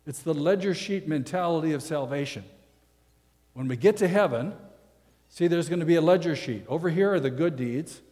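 A man's voice: on the high side, normal speed, mellow. A man preaching a sermon as pastor, in a conversational style that leans on rhetorical questions. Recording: long hall reverb.

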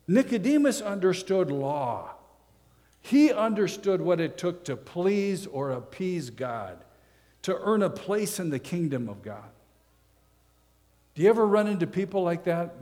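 A man's voice: a little high, a little mellow. Man preaching in a reverberant hall. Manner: conversational preaching with rhetorical questions. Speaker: pastor. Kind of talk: sermon.

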